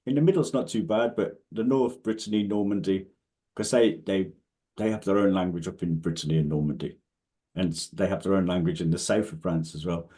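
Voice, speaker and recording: A British man from the UK, an interview guest, chatting casually and telling animated anecdotes with frequent restarts. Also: low-pitched, brisk. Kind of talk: casual chat.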